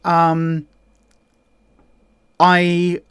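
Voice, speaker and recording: A woman's voice: lowish voice, monotone, very slow, clear, resonant tone, no room sound, clean studio sound. A woman with a southern English accent hosting a casual livestream, chatting and reading out viewer comments in a rambling, friendly way. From Hampshire, England. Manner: chatty, rambling, with frequent ums and repeated words. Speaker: host.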